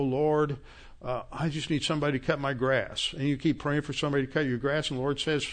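A man preaching a sermon, citing scripture verses and scolding his listeners with growing force. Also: on the high side. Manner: emphatic, rising to angry scolding; quotes scripture references. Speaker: pastor.

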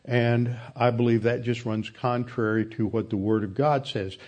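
A man giving a Bible study lecture, explaining in a measured way with occasional hesitations. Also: mid-range voice, a little mellow. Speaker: Bible teacher.

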